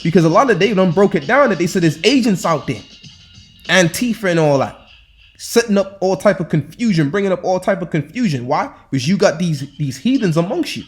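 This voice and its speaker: High-voiced man preaching, hectoring. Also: expressive, brisk, faint music behind. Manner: hectoring, repeats himself with rhetorical questions; loose, colloquial delivery with frequent restarts. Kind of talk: informal scripture-reading sermon.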